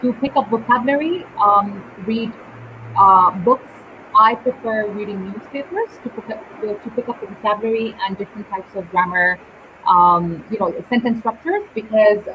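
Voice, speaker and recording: Slow, clearly spoken woman teacher. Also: mid-range voice, slight background noise. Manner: slow, deliberate, clear articulation with pauses. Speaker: English teacher hosting a live session. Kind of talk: live online English lesson. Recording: dull lo-fi live stream audio.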